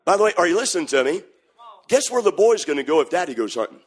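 A man preaching a sermon, shouting in sing-song bursts and then dropping to a hush. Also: on the high side, sing-song, fast, husky.

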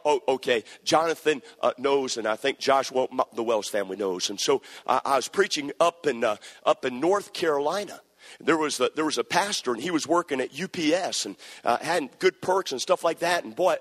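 A male preacher with a slightly high, very animated voice swings between quiet storytelling and shouted appeals. His sermon rings out in a large hall with a long reverb tail. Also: fairly quick. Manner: builds from low conversational storytelling to shouted exhortation.

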